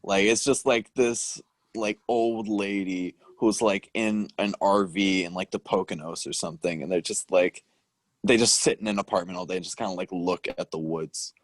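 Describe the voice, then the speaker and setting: A young man co-hosting a podcast, chatting casually and rambling with lots of filler words and quick self-corrections. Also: low-pitched, fairly even intonation, dry recording. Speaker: podcast co-host. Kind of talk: casual chat.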